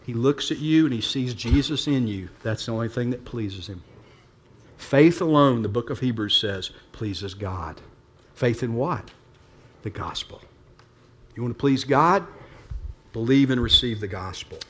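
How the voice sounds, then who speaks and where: A pastor preaching a sermon to his church, talking plainly and swinging between hushed asides and emphatic points. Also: medium pitch, animated, unhurried, long pauses.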